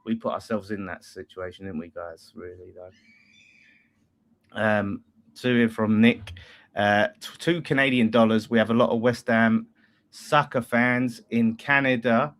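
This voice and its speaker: A man's voice: fairly low pitch, steady tone, measured pace, fairly bright tone. A man hosting a casual post-match fan chat, reading out viewer messages and laughing often. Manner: chatty, laughs often, reads messages aloud. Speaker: fan channel host reading super chats.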